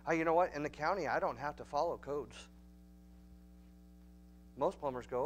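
A man with a Texan accent preaching a Bible study in a church, folksy and emphatic, building to loud, urgent peaks. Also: fairly high pitch, moderate pace, a little hiss or hum. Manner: folksy, emphatic, rising to near-shouting peaks. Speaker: pastor. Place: church sanctuary.

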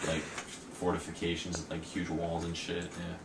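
A man's voice: sits low, completely flat delivery, a little slow, gravelly, recorded from a distance, a little hiss or hum. A young man chatting about a video game in a laid-back, joking way. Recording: echoey room.

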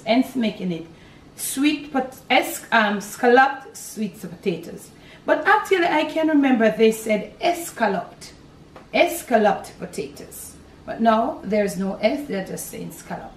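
A woman's voice: mid-range voice, slight background noise. Older Jamaican woman chatting while cooking. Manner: chatty, homely, explains as she works. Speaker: cooking show host. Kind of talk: home cooking demonstration. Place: home kitchen.

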